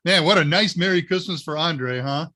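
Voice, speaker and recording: A man from Northern Ohio hosts a live question-and-answer stream with a bright, forceful voice that sits a little high. He chats casually and wanders off into anecdotes, padding his sentences with fillers. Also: moderate pace. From Northern Ohio, USA. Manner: rambling anecdotal storyteller with many fillers. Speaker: live Q&A show host.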